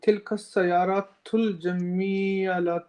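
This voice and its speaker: Male student, high voice, slow and hesitant reading. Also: level tone, darkish tone, clean tone. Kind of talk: reading aloud in class.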